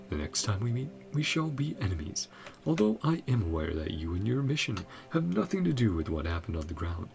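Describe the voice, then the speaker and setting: A man voicing an earnest male soldier reading a farewell letter to a friend, in a put-on foreign accent and a slow, deliberate delivery. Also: lowish voice, creaky, slight background noise, voice pushed up.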